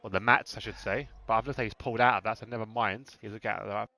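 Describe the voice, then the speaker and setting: Bright-toned, chatty male race commentator. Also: lowish voice, steady tone, rapid-fire, creaky. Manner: chatty, laughs often. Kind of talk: live sim-racing commentary with banter.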